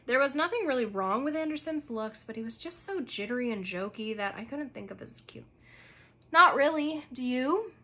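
A woman's voice: on the high side, expressive, a little fast, hardly any pauses. A woman reading a children's book aloud in an informal way, with occasional slips and restarts. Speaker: reader.

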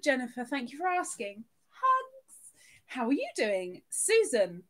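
A woman's voice: sits high, fairly bright tone. Bubbly woman greeting her chat. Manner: bubbly, giggly, reading chat names aloud. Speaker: live stream host. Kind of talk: casual live-stream chat, greeting viewers.

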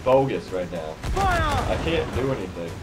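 Excitable man narrating gameplay over music. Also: medium pitch, unhurried. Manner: excitable, frustrated outbursts and shouts. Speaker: let's play gamer. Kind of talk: casual gameplay commentary. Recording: game music loud behind voice. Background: game music.

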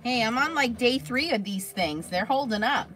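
Female craft-stream host, bright-ish higher voice, casual and chatty, replies to viewers' comments as she works. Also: lively intonation, moderate pace. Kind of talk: casual livestream chat.

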